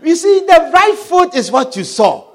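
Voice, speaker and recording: A male preacher with a high, sing-song voice that swoops up and down as he talks. He preaches with animated energy and keeps checking in with his listeners, asking whether they understand. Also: measured pace. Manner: animated, repeatedly asks "Do you understand?". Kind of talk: sermon.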